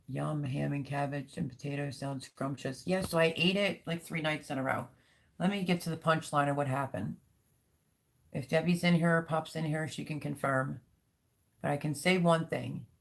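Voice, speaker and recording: Gravelly-voiced woman chatting on a livestream. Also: low voice. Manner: rambling and candid, reads viewer comments aloud. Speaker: livestream host. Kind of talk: casual live-stream chat. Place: home.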